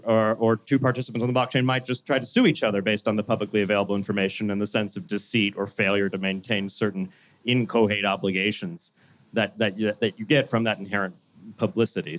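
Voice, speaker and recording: A man speaking as a panelist in a discussion, making deliberate, argued points with occasional restarts. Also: fairly low pitch.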